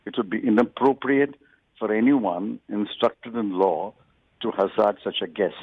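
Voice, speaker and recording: An older man, a political guest, giving deliberate, lawyerly interview answers and stressing key words. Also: fairly low pitch, slightly rough, no room sound. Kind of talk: measured televised interview answers. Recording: tinny phone-like line.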